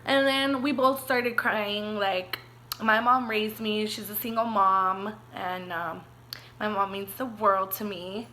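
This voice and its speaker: A woman's voice: mid-range voice, fairly even intonation, slow, sharp tone, slight background noise. A young woman vlogger telling a personal story in a chatty, emotional way, often saying "like" and getting teary. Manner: chatty, emotional, heavy use of "like".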